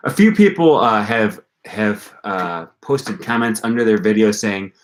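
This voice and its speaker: Young male streamer, low-ish voice, rambling and upbeat, encouraging tone. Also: lively intonation, unhurried. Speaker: language-learning channel host. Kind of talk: casual livestream chat.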